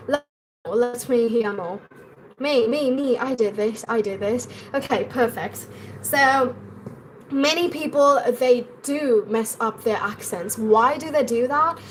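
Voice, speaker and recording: A woman's voice: on the high side, slow pace, pauses often, a little hiss or hum, rough recording. A young woman with an Indian English accent, teaching pronunciation in a chatty live-stream lesson and talking straight to her viewers. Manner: chatty, repeats and restarts, addresses viewers directly.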